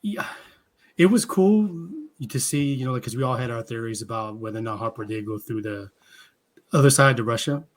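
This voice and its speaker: A man with a mid-pitched voice co-hosts a casual podcast. He talks in a relaxed, slangy way. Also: brisk. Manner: laid-back, slangy. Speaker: podcast co-host.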